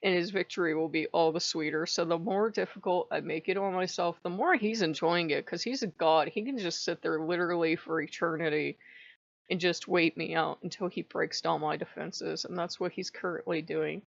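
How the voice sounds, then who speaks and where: A woman's voice: lowish voice, normal speed, creaky, no room sound, muffled recording. A woman talking in a casual, wry, chatty vlog monologue about her spiritual life, laughing often. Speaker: spiritual vlogger.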